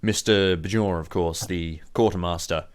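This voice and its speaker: A man's voice: low voice, steady tone, normal speed. A man narrating as game master of a tabletop game, casual and swearing. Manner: casual, swearing, laughs often.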